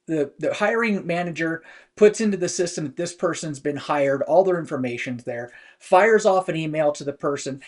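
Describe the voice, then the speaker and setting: A man with a fairly high voice hosts a weekly business talk. He speaks conversationally and rambles a little, leaning on fillers as he tells stories from work. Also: expressive, moderate pace. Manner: conversational storytelling with many fillers. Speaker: host.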